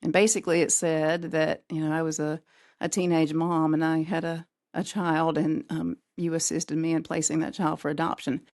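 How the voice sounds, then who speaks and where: A middle-aged woman with a low voice tells a family story at a relaxed pace. She slips into the voices of the people she quotes and laughs often. The recording is dry and close. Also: moderate pace, no room sound. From North Carolina, USA. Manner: lively storyteller who acts out quoted voices, with frequent laughs. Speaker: podcast guest. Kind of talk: casual storytelling.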